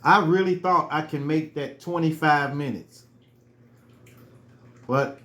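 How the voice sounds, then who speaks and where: A man's voice: a little high, slow pace, pauses often, fairly bright tone, echoey room. A man telling a personal story in a casual, earnest way, repeating phrases for emphasis. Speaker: storyteller vlogger.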